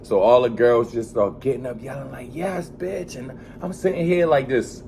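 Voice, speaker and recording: A man casually telling a story in a vlog, animated, full of slang and swearing. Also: medium pitch, moderate pace, slight background noise. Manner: animated, slangy and profane, acts out quoted voices. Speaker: vlogger.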